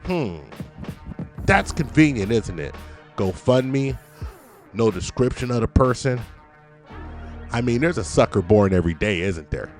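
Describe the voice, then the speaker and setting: A man's voice: mid-range voice, animated, a little slow, long pauses, faint music behind. A man giving video commentary, sarcastic and firing off rhetorical questions.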